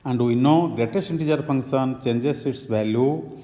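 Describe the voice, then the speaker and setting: A man's voice: mid-range voice, moderate pace, dark tone, big-room sound. A man teaching a math lesson, working through each step in a methodical, repetitive way.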